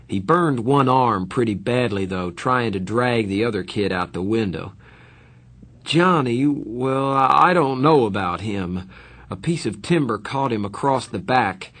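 A man reading a story aloud, voicing a kindly adult man who calmly reassures an injured boy. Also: fairly low pitch, unhurried, heavily acted. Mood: grave. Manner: soothing, earnest, steady.

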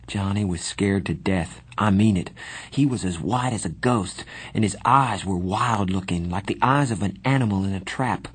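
A man narrates a first-person story in a measured, even manner. His voice is low and husky. The reading is steady. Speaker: audiobook narrator.

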